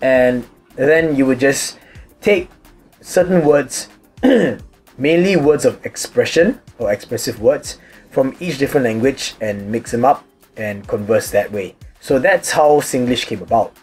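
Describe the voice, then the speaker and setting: A man's voice: mid-range voice, unhurried, slightly rough, soft background music. A young man from Singapore with a Singaporean accent, chatting casually at home as he answers viewer questions. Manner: relaxed, chatty, explains with examples. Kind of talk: casual chat. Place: room at home with hobby figurines.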